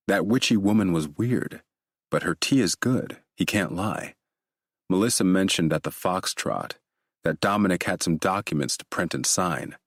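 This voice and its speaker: Low-voiced guy reading a thriller audiobook, steady, dry close mic. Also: dry recording. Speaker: audiobook narrator. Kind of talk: scripted narration of a thriller.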